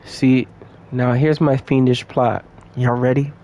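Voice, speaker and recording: A man's voice: medium pitch, little pitch movement, slow pace, mellow. A young man giving casual, playful commentary while playing a video game and talking to his viewers. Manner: chatty, playful, talks to viewers. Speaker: gameplay streamer.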